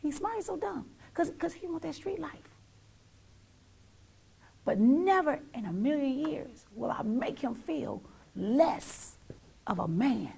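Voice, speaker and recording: Gravelly-voiced middle-aged mother, emphatic. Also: high voice, very animated, slow, pauses often, mellow. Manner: emphatic and repetitive, sometimes dropping to a near whisper. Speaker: mother sharing her story. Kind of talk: heartfelt personal testimony.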